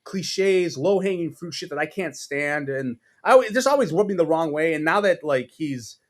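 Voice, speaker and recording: A man's voice: fairly high pitch, expressive, moderate pace. Profane ranting New York man. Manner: profane, exasperated ranting with mocking impressions. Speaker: podcast co-host. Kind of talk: casual sports podcast rant.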